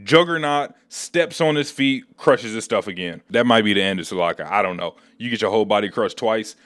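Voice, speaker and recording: A man's voice: on the low side, fairly quick, a bit bright, no room sound. A man hosting a casual comic book recap, telling the story in slangy, laid-back speech on a close mic.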